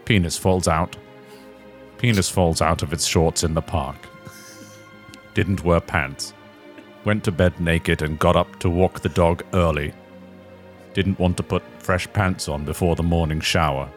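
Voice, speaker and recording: A man putting on a British voice as a mock shipping forecaster, reading slowly and solemnly. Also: low-pitched, fairly even intonation, soft background music.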